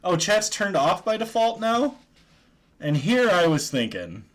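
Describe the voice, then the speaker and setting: Chuckling man with a lively voice. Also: high voice, a little slow. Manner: joking, chuckling often. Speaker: streamer. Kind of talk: casual gameplay commentary.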